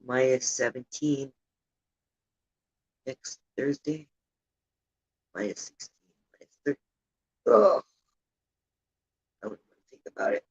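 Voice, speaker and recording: A woman's voice: a bass voice, very animated, slow, pauses often, darkish tone, husky. Chatty older woman, dull lo-fi audio. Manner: chatty, rambling, indignant about politics. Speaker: livestream host. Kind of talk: casual chat with viewers. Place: home room with a heater running.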